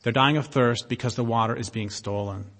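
A man giving an impassioned public talk, blunt and sardonic, with emphatic stresses and long pauses. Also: medium pitch, fairly bright tone. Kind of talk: impassioned lecture to an audience. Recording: long reverb of a hall.

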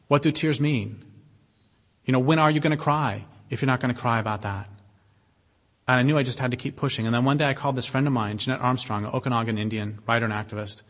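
A man giving an impassioned public talk, blunt and sardonic, with emphatic stresses and long pauses. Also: medium pitch, a bit bright. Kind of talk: impassioned lecture to an audience. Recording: long reverb of a hall.

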